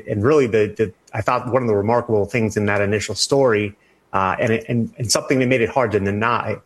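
A man, a national security reporter, answering interview questions in a measured, halting way with many fillers and restarts. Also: lowish voice.

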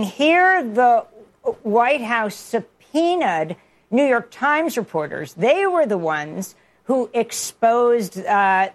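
A woman hosting a news show, asking a guest questions and reading headlines and upcoming segments in a formal manner. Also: mid-range voice. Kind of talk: news interview and scripted show links.

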